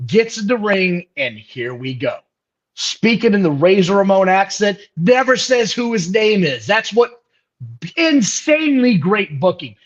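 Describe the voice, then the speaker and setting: Brief: male co-host, casual slangy storyteller, wide-ranging pitch. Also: sing-song, a little slow. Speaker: podcast co-host. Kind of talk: casual chat. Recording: dull lo-fi sound.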